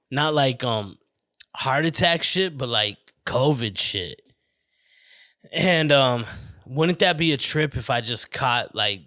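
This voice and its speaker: A man's voice: medium pitch, pushed and bright, no room sound. Rambling man podcasting in a dry room. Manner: rambling, off on tangents, swearing, often saying "you know what I mean". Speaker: podcast host. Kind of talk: casual podcast chat. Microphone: studio mic on camera.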